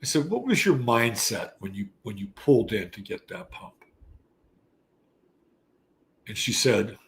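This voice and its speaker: An older man in his sixties tells a story with a gravelly, worn edge, his voice at an ordinary middle pitch. He talks like a host chatting to his audience, animated and loose, with a good deal of swearing. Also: measured pace, pauses often. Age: 60s. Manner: animated, profane, conversational. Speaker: astrology show host. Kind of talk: casual storytelling. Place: Texas.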